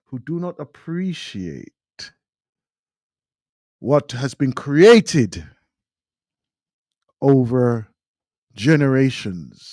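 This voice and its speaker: A male radio host in full flow, his pitch rising and falling in wide swings as he hammers each point home. He speaks slowly and leans on his words, repeating them for weight, and his voice sounds close and dry with no room around it. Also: mellow, dry recording. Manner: emphatic, repeats phrases for stress. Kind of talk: impassioned talk radio monologue.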